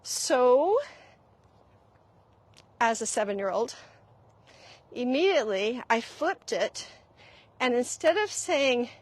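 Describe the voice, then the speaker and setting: Woman, middle-aged, somewhat high-pitched, earnest, confessional, solo podcast talk, repeats points for emphasis. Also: no room sound. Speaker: podcast host.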